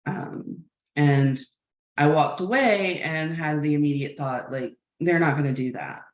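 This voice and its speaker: A woman's voice: low voice, a little slow. A woman in her thirties or forties, a workshop facilitator, telling her class a frank personal story in a reflective way with many "like" fillers. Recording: roomy echo.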